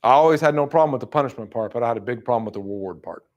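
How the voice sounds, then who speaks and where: A man giving a motivational sales talk to a room, blunt and fired up, acting out people's excuses in quick asides. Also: medium pitch, expressive, lo-fi sound. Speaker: roofing sales trainer. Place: room with an audience.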